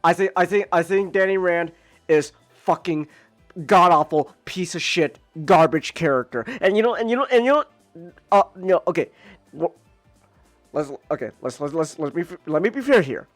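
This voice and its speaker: A man hosting a casual podcast, ranting and stammering, repeating words and swearing, dropping to mutters then climbing to near-yells. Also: on the high side, animated, moderate pace, no echo, faint music behind. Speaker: podcast host.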